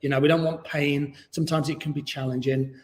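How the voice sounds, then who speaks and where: A man leading a gentle beginner yoga class in a relaxed, chatty, encouraging way. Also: on the high side, brisk. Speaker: yoga teacher. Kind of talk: gentle guided yoga instruction. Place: yoga studio, indoors. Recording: very echoey, reverberant room.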